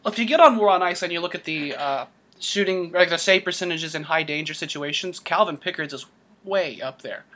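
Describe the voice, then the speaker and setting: A man's voice: on the high side, a little fast, sharp tone. A man hosting a casual sports podcast, talking through stats and laughing along with his co-hosts. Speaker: podcast host.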